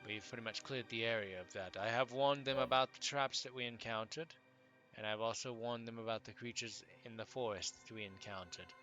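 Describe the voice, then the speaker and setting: With a mid-range voice, a man guides a tabletop game as game master, his narration casual, faltering, and thick with fillers. Gentle music plays softly behind him.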